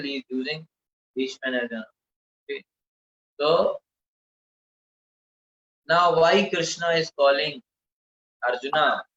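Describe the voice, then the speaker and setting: A man's voice: mid-range voice, fairly bright tone, reverberant, highs cut off, a little hiss or hum. A man giving a scripture lecture, defining terms over and over and often correcting himself mid-sentence. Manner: explanatory, repeats and defines terms, frequent self-corrections.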